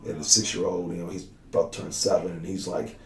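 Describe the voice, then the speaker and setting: Thirties male coach, low and gravelly, lively storyteller, recorded off-mic in an echoey office. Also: fast, distant mic. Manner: animated storyteller who acts out dialogue. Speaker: strength and conditioning coach. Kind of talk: casual podcast conversation.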